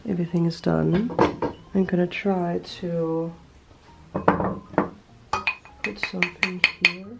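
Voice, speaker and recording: A woman's voice: on the low side, steady tone, takes it slowly, gravelly, heavy background noise. A woman vlogging casually as she cooks, chatting and thinking aloud as she goes. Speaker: cooking vlogger. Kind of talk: casual cooking vlog.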